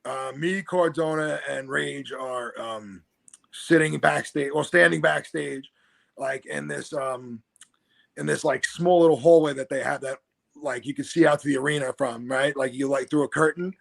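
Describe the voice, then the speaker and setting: A man in his thirties telling backstage wrestling stories in a casual, animated way, acting out the voices of the people he quotes. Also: medium pitch, normal speed, vocal fry. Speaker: guest wrestler. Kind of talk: casual storytelling.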